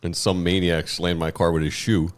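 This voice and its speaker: A man's voice: deep voice, moderate pace. A man hosting a podcast, telling wild stories in casual chat and acting out the people he quotes. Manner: animated storyteller who shouts out quoted people. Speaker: podcast host.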